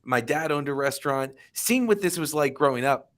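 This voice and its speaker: A man's voice: fairly high pitch, expressive, moderate pace, fairly bright tone. A man speaking on an industry panel, emphatic and driving his points home with vivid analogies. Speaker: panelist, restaurant tech executive. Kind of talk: panel discussion.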